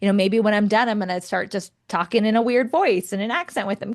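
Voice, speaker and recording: A young woman co-hosts a life-coaching podcast in a casual chat. Her voice sits at an ordinary middle pitch, and she talks with lively encouragement, laughing easily and urging listeners to act. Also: moderate pace. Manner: encouraging, animated, coaching listeners toward small commitments. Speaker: podcast co-host.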